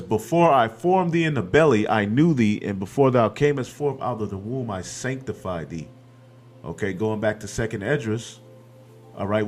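A lowish-voiced preacher quotes Bible verses aloud during a sermon, capping points with "man" and "okay" while a faint hint of music plays in the background.

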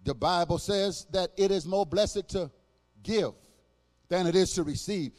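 Man, pastor, high voice, call-and-response sermon, church sanctuary. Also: unhurried, a little mellow, long reverb tail, faint music behind. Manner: call-and-response preaching, rhythmic and repetitive.

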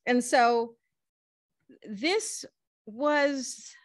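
Woman lecturer, earnest, halting speech, somewhat high voice, dry sound. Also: no echo. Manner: earnest, halting, frequent restarts, laughs easily. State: tearful at times. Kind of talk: lecture Q&A, personal storytelling. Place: library lecture room.

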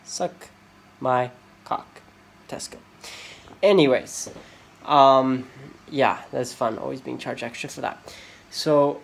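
A man's voice: mid-range voice, fairly even intonation, takes it slowly, creaky, long pauses, a little hiss or hum, low-quality recording. A man talking casually into his phone for a vlog, rambling and complaining, with many fillers. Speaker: vlogger. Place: rented house and nearby streets. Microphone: phone held by the speaker.

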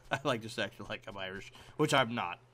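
A man's voice: lowish voice, animated, normal speed, sharp tone, slight background noise. A middle-aged man giving casual gameplay commentary, muttering to himself with lots of fillers and breaking into silly singing now and then. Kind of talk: casual let's-play commentary.

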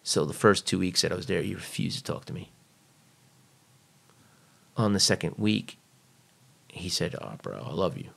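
Gravelly low-voiced man telling a story. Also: steady tone, moderate pace, long pauses, fairly bright tone. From United States. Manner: blunt, profane, swears freely. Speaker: podcast guest. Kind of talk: casual storytelling.

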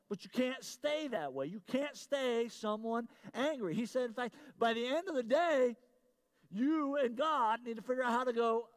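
With a very high-pitched voice, a middle-aged man preaches as pastor, repeating key phrases. His sermon alternates loud emphatic statements with quiet, confiding asides.

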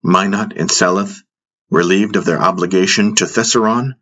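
A man narrating a fantasy audiobook in the first person, in a measured storytelling manner. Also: sits low, fairly even intonation, fairly bright tone.

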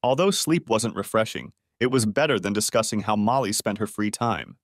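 A man narrating a story in audiobook style with a steady storytelling delivery. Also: fairly low pitch, normal speed, dry recording, studio quality.

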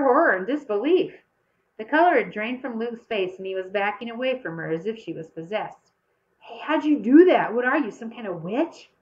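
Woman, storybook reader, lively up-and-down pitch, dull lo-fi sound. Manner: expressive, shifts pitch to act out children's voices. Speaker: audiobook reader. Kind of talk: storybook narration.

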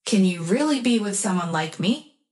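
A woman voicing a gentle, vulnerable young blind man in a story, speaking quietly and tenderly. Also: medium pitch, animated, moderate pace, roomy sound, close to an everyday voice.

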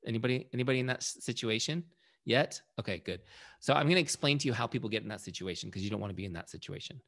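A man's voice: mid-range voice, lively intonation, racing, creaky, fairly bright tone. A man leading a casual sales training session, telling a story and acting out quoted lines in a conversational way.

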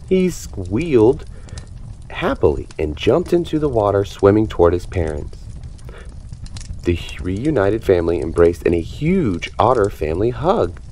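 A man reads a children's picture book aloud in a low voice. His intonation rises and falls dramatically as he tells the story. The delivery is expressive and animated for young listeners. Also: a little hiss or hum. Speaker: storybook reader.

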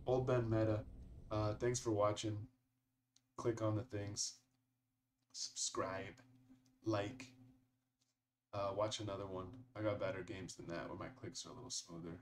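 Chill colorado dude doing gameplay commentary, kinda low voice, noisy background. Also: male voice, measured pace, pauses often, darkish tone. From Colorado, United States. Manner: casual, laid-back, says "dude" and "bro" a lot. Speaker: gaming channel host.

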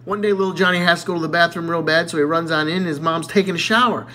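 A man's voice: fairly high pitch, fairly even intonation, rapid-fire, pushed and bright. A man telling jokes in a casual storytelling way, laughing at his own punchlines. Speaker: joke teller.

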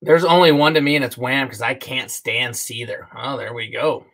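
Brief: laid-back middle-aged male host, forceful bright tone, joking and reading out comments. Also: medium pitch, moderate pace. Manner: relaxed, joking, reads viewer comments. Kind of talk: casual live-stream chat.

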